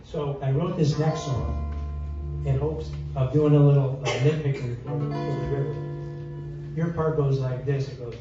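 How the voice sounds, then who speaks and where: A man's voice: mid-range voice, steady tone, moderate pace, over music. Chatty man telling stories in an echoey hall. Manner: chatty, rambling anecdotes with fillers and audience asides. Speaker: historical society president and songwriter. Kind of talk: storytelling between songs at a live concert. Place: community hall with live audience. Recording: far-off, echoey, dull hall recording.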